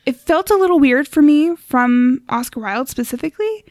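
A woman's voice: high voice, animated, moderate pace, darkish tone, no echo, clean studio sound. A woman co-hosting a podcast, chatting casually and laughing often. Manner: chatty, laughing, many "like" fillers. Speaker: podcast co-host. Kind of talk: casual chat.

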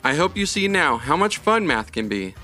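A man reading a children's storybook, voicing a brisk male math master with a clipped manner. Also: fairly high pitch, sing-song, bright, forceful tone, soft background music, voice pushed up. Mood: pleased. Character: gruff male math master turned cheerful.

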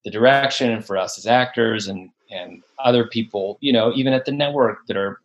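A man's voice: on the low side, fairly quick, lo-fi sound. A man being interviewed as an actor, telling a behind-the-scenes story with enthusiasm and acting out quotes. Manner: enthusiastic, acts out quotes in voices. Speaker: actor guest. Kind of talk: animated interview talk.

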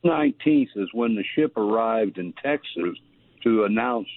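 Halting male caller on a tinny phone line. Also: on the low side, huge pitch swings, creaky, dry recording. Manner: rambling, halting with fillers. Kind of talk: phone-in chat.

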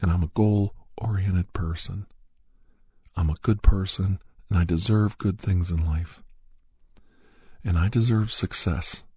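A man speaking soft, repetitive, earnest self-affirmations in a breathy, half-whispered voice. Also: low voice, steady tone, a little slow, no room sound, studio quality.

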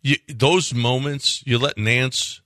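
A man's voice: mid-range voice, steady tone, slow, sharp tone, dry recording, studio quality. A man co-hosting a sports radio show, chatting casually and egging on his co-host.

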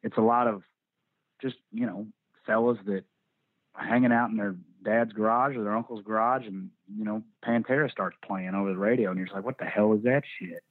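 A man from Texas talks in a slow Texan drawl, casual and rambling, dropping swear words as he tells stories. His voice sits a bit low and comes through a narrow, phone-like line. The sound is dry. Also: fairly even intonation, dry recording. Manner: laid-back, profane, rambling drawl. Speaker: band musician guest. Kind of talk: casual interview storytelling. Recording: tinny phone-like remote line.

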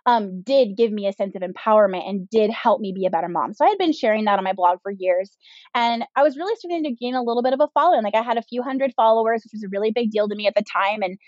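A woman's voice: medium pitch, fast, no room sound. A woman in her thirties, a podcast guest, telling her personal story candidly, with lots of "like" and "um". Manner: candid, with frequent "like" and "um" fillers. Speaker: podcast guest, business owner. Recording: dull, slightly lo-fi sound.

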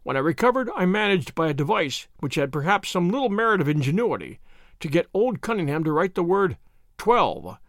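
A man reading aloud, voicing a confident, sharp detective who explains in a measured way. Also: high-pitched, very animated, no echo, studio quality. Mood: explaining.

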